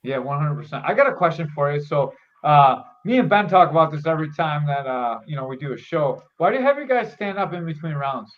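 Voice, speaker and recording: A man's voice: a little high, animated, a little fast, few pauses. A man co-hosting a casual chat, joking in laid-back banter over a video call. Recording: dull lo-fi call with faint noise.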